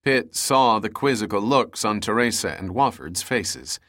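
A man narrating a thriller audiobook in a steady, measured reading. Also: on the low side, dry recording, clean studio sound.

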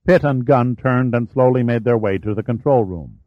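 A man giving a steady, measured audiobook narration. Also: mid-range voice, no echo, muffled recording. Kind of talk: scripted narration.

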